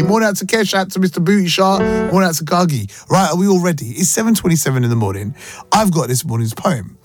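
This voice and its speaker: A male breakfast radio presenter, talking in a chatty, playful way and sending listeners shout-outs. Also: medium pitch, lively intonation, fast, music in the background.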